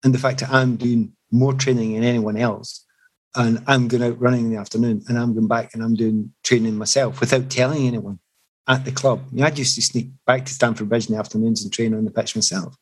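A man's voice: medium pitch, brisk, husky, rough recording. A middle-aged man, a former footballer, telling reflective stories in an interview. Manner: reflective, animated anecdotes with restarts. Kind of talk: storytelling in an interview.

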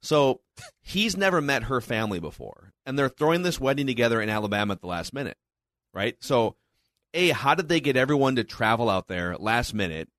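A man's voice: medium pitch, animated, fairly bright tone, no room sound. Podcast guy firing off "where'd they go" questions, mid voice, dry mic. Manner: incredulous, rapid-fire questions. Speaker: podcast co-host. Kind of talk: casual movie review chat.

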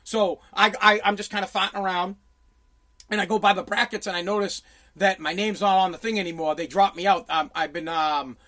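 A man's voice: high voice, fairly even intonation, fairly quick, bright, forceful tone. A man telling a story in a profane, intense rant, often restarting his sentences. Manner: intense, swearing, many restarts.

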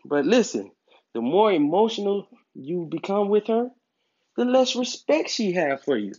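A man's voice: high-pitched, big pitch swings, unhurried, darkish tone. A man giving dating advice to other men in a casual monologue, emphatic and preachy, with streetwise slang. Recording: dull lo-fi recording.

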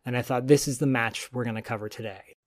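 A man's voice: mid-range voice, steady tone, fast. A man co-hosting a podcast, telling a story in a rambling, enthusiastic way. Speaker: podcast co-host. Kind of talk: casual chat.

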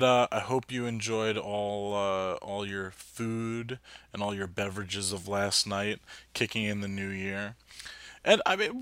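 A man's voice: fairly low pitch, fairly bright tone, dry recording. A man from New Jersey hosting his podcast in rambling, casual chat full of fillers. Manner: rambling, chatty, lots of fillers and restarts. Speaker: podcast host.

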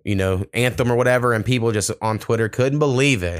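A man's voice: mid-range voice, brisk, dry recording, clean studio sound. A man hosting a podcast, chatting casually and bluntly, swearing freely. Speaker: podcast host. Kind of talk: casual chat.

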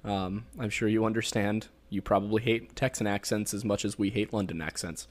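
A man's voice: on the low side, steady tone, brisk. A young man with a Pennsylvania accent, hosting a podcast and explaining folklore in a rambling, joking way full of fillers. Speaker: podcast host. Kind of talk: casual chat.

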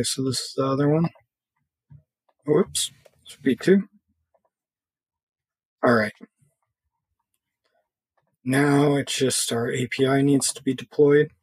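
Male tutorial presenter, slow and casual, slightly husky, dry close mic. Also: medium pitch, dry recording. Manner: relaxed thinking aloud with fillers while clicking through software. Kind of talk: casual screen-recorded coding tutorial.

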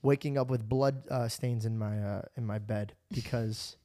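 A man's voice: medium pitch, fairly even intonation, moderate pace, mellow. A young man hosting a podcast, telling a rambling story with restarts and laughs, tired from no sleep. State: running on no sleep. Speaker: podcast host. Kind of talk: casual storytelling chat.

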